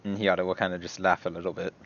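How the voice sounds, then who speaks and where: A man with a fairly low voice runs a tabletop game for his friends, narrating the scene and voicing its characters. He laughs often and stumbles into restarts. The recording sounds dull and lo-fi. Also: little pitch movement, very fast, a bit bright. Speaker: game master.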